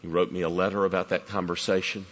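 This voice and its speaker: A middle-aged male preacher with a slightly husky voice delivers a sermon. He swells into loud, emphatic runs, then drops to near-whispers. The recording sounds dull and muffled. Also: low voice, little pitch movement, fast talker, big-room sound. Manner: dramatic swings from loud emphatic build-ups to near-whispers.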